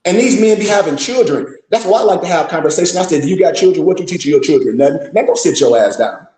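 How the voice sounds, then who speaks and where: Here a teacher addresses a group, his fairly high, mellow voice moving fast with lively intonation. His preaching lecture is blunt, scolding and profane, full of rhetorical questions, and the room is echoey.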